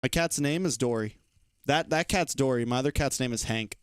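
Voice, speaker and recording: A young man, an esports shoutcaster, chatting casually and slangily on a live stream and laughing easily. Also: medium pitch, brisk, clear, resonant tone, dry recording, clean studio sound.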